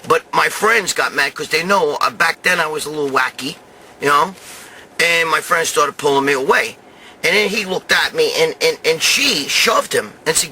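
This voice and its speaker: A middle-aged man spins a rambling, profanity-laced story with street-tough swagger. His voice sits a bit high for a man and sounds very bright and sharp. A faint hiss of room noise runs underneath. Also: lively intonation, a little fast. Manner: rambling, swears constantly, street-tough bravado. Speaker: show host telling a story.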